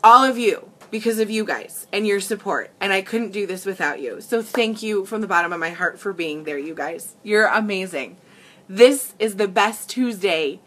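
A woman hosting a casual makeup livestream, gushing with excitement and tearful gratitude as she greets her viewers. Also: mid-range voice, normal speed.

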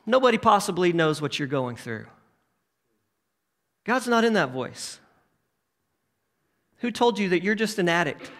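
A man preaching a sermon, swinging from emphatic questions to hushed near-whispers. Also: sits high, sing-song, measured pace, long pauses. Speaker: pastor.

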